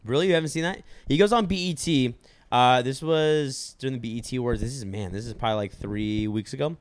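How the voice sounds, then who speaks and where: A man's voice: mid-range voice, quick pace, dry recording. A man hosting a podcast, chatting casually in a rambling, jokey way with lots of fillers. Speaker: podcast host.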